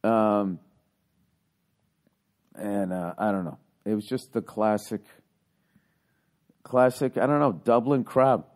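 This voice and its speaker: A man and stand-up comedian telling a story in casual chat, profane and animated. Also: on the low side, slow, long pauses. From United States.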